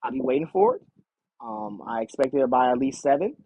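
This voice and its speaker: A man's voice: mid-range voice, huge pitch swings, creaky, warm tone, dry recording, exaggerated voice, poor audio. A man putting on the voice of a spoiled young woman, whining and pleading with her father for money. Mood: whiny pleading. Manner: whiny, drawn-out pleading with repeated "daddy".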